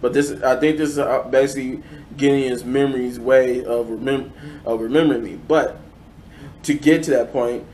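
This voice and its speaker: A man talks through a review off the cuff, his voice sitting at an ordinary middle pitch. He restarts sentences often and leans on fillers, keeping a loose, conversational flow. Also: fairly even intonation, normal speed, darkish tone, a little hiss or hum. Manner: rambling, many fillers and restarts. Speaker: show reviewer. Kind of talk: casual unscripted review.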